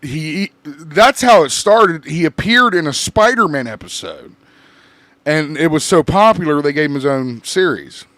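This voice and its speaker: Swearing casual podcast host, dry sound. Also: male voice, a little high, lively intonation, moderate pace, fairly bright tone, no room sound. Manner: loose, profane, rambling. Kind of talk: casual chat.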